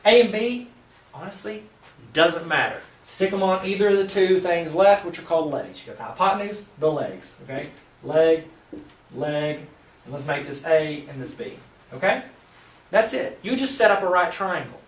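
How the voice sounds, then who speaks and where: A man's voice: a little high, animated, normal speed. A man teaching a math lesson at a whiteboard, explaining steps while cracking playful jokes and asides to the viewer. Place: room with a whiteboard. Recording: roomy, mic at a distance.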